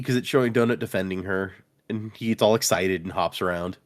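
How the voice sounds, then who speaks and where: A man with a lowish voice talks through a book recap in a relaxed, chatty way. He slips into quick put-on voices for the characters and laughs between lines. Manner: animated retelling, acts out quotes, frequent laughs. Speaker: podcast co-host recapping a book. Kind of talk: casual chat.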